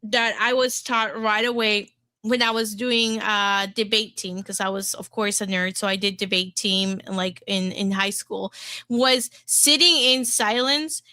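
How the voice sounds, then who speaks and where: A woman's voice: medium pitch, steady tone, a little slow, pushed and bright, no echo. A woman in a casual podcast chat, talking in a chatty way with lots of fillers. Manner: chatty, filler-heavy, agreeable.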